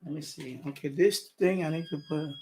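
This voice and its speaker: A man's voice: a little high, brisk, vocal fry, a little mellow, a little hiss or hum. A man talking casually and out of breath on a live stream about his ham radio, laughing to himself as he moves gear around his setup.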